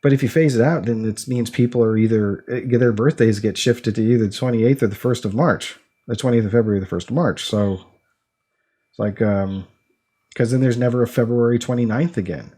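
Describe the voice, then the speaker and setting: A man's voice: mid-range voice, brisk, warm tone, breathy edge. A man co-hosting a casual podcast, rambling through an idea aloud with many restarts. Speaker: podcast co-host. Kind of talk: casual chat.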